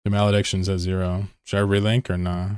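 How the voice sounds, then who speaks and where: A man chatting casually on a live game stream, excitable and swearing freely as he answers chat between calls. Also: sits low, fast, clear, resonant tone, dry recording, studio quality.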